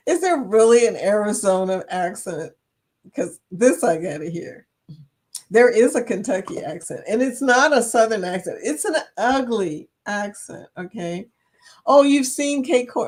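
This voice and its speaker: A woman's voice: mid-range voice, expressive, measured pace, darkish tone. A woman hosting a live stream, chatting casually with viewers and laughing often as she reads their comments. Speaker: livestream host.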